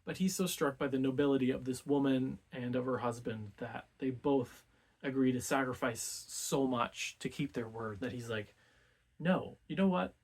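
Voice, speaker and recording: Male book-club host, easygoing conversational summary, filler-heavy and relaxed. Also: medium pitch, moderate pace, husky. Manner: laid-back, peppers speech with "like".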